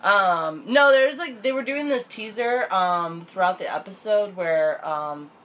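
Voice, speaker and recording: A woman's voice: medium pitch, animated, unhurried, a bit bright, poor audio. A young woman chatting casually about a reality show, laughing, swearing and acting out quotes. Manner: chatty, laughing, swearing, quoting people in voices. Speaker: podcast co-host.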